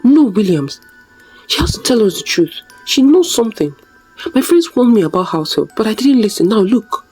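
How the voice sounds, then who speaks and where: A storyteller voicing a panicked young mother who shouts accusations in a raised voice. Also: medium pitch, sing-song, a little fast, slightly rough, faint music behind. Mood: furious accusing.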